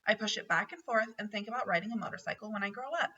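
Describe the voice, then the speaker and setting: A woman's voice: mid-range voice, very fast, sharp tone. A woman reading aloud and voicing a careful, doubting young boy who speaks with skeptical wonder. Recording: dull, distant home recording.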